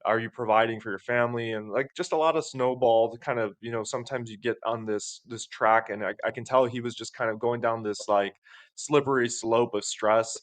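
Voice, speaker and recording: A reserved man hosts a podcast and speaks in a thoughtful, low-key way. His voice sits at a mid-range pitch, and the sound is dry and close, with no room echo. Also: fairly even intonation, brisk. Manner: reserved, soft-spoken, thoughtful. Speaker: podcast host. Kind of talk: casual conversational chat.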